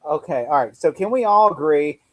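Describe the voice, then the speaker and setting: A man's voice: on the high side, expressive, brisk, no echo. Podcast co-host, male, laughs and curses while retelling scenes, dry close mic. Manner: laughing, swearing, acting out scene lines. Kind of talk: casual chat.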